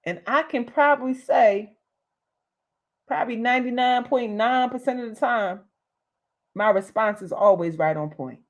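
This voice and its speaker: With a fairly high voice and a moderate pace, a woman leads a motivational livestream; the audio sounds dull. Her delivery is forceful, she repeats her key lines, and she talks in casual slang.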